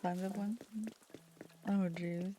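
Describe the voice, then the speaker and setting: A woman's voice: mid-range voice, level tone, slow, mellow, a little hiss or hum. A woman streamer chatting casually while gaming, telling rambling stories, swearing freely and laughing often.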